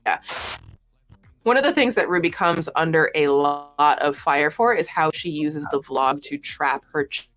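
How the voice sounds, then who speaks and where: A woman's voice: sits low, expressive, unhurried, fairly bright tone. A woman giving sassy, sarcastic commentary on a casual livestream, swearing freely. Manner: sassy, profane, sarcastic asides. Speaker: commentary vlogger.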